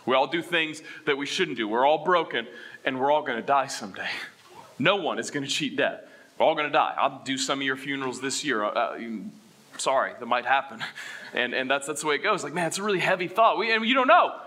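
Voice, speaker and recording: Speaking briskly at a medium pitch, a man preaches as pastor and asks the congregation questions. His delivery alternates between loud, emphatic lines and quiet, hushed ones.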